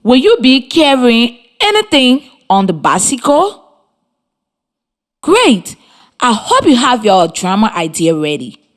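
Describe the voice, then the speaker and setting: A woman from Liberia teaching a reading lesson by radio, speaking slowly and clearly with encouraging questions to the children. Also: on the high side, huge pitch swings.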